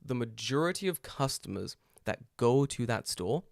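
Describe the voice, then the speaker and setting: A man's voice: mid-range voice, expressive, normal speed, vocal fry, no room sound. A man co-hosting a podcast in casual chat, telling stories animatedly and swearing freely. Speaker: podcast co-host. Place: Japan.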